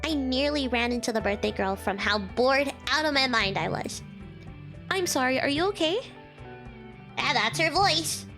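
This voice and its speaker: A woman's voice: high voice, expressive, normal speed, pushed and bright, faint music behind. A young woman streamer chatting and giggling while she reads a visual novel aloud, switching between reading and reacting.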